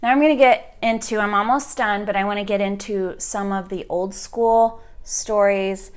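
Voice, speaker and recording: A woman's voice: medium pitch, fairly even intonation, moderate pace. A woman, a homeschooling mother, chatting casually and eagerly about picture books and holding them up for the camera. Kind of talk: casual book recommendation chat.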